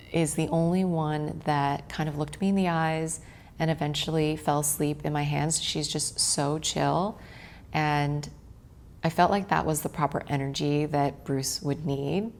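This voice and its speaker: A woman vlogger narrating a voice-over in a gentle, relaxed way. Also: low-pitched, vocal fry, slight background noise.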